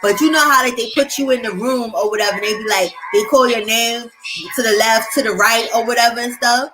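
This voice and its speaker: A young woman hosting a casual chat, telling a long story in an animated, streetwise, profane way. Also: fairly high pitch, brisk, background noise. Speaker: host.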